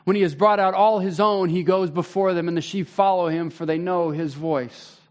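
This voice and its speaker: A man in his thirties preaching a sermon as pastor, conversational and animated with sudden loud bursts. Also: sits high, moderate pace.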